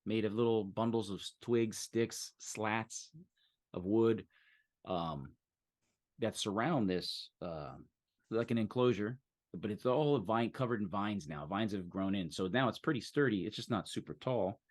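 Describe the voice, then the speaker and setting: A man as game master, describing a scene in a halting way with many fillers. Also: fairly low pitch. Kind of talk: narrating a tabletop game.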